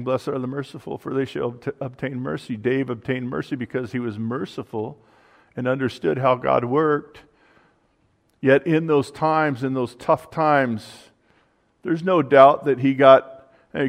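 A man preaching a conversational sermon on a psalm, dropping his voice for the quoted prayers. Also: on the high side. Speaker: pastor. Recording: long hall reverb.

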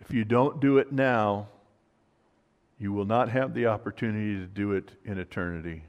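A man preaching a sermon as pastor. He reads scripture aloud and swings from soft, low asides to loud proclaiming. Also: moderate pace, long reverb tail.

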